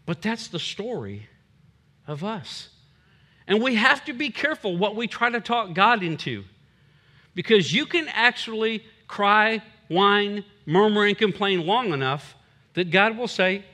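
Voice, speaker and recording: Male pastor, bright high voice, slow deliberate sermon delivery. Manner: animated, acts out quoted voices.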